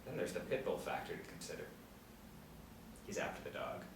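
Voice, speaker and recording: A man reading the part of a boastful, folksy male drifter who calls himself a soldier of fortune, talking with swagger and sudden loud bursts. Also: low voice, sing-song, fairly quick, gravelly, full character voice. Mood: folksy boasting. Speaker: table-read actor. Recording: roomy, distant mic, faint background hum.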